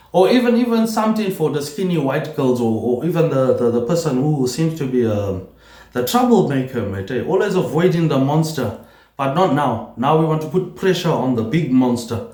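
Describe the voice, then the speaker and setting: A man rambling through a solo vlog monologue, repeating words and tagging his lines with a low "mate, eh". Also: a little mellow. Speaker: vlogger. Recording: roomy echo.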